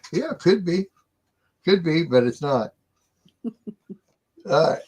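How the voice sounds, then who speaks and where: A man's voice: a little high, very animated, very slow, darkish tone, slightly rough. A middle-aged man co-hosting a casual game chat, laughing often and hesitating with fillers. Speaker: co-host.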